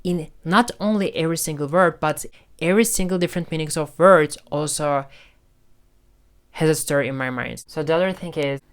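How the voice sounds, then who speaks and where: A man's voice: a little high, fairly quick, clean tone. A man teaching English casually to a phone camera, chatty, repeating phrases and checking in with "okay?". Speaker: English-learning YouTuber.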